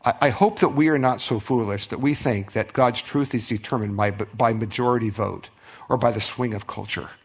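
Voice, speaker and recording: A middle-aged male pastor preaching a sermon, telling a story with conversational restarts, swinging from loud outbursts to hushed asides. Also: mid-range voice, moderate pace, breathy edge. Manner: conversational, repeats words and restarts.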